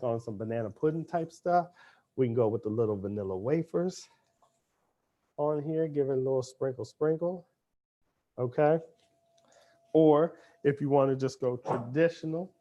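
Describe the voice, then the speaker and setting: A man hosts a cooking demonstration in a kitchen, chatting playfully as he cooks. His voice is mid-range with a dark tone at a moderate pace, and the sound is lo-fi.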